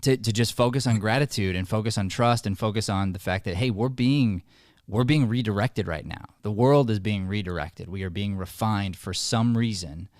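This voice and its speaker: A man's voice: lowish voice, moderate pace, darkish tone, no room sound, clean studio sound. A man hosting a podcast, talking earnestly in a casual way and often restarting his sentences. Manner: earnest, storytelling, with repeated restarts. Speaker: podcast host and acting coach.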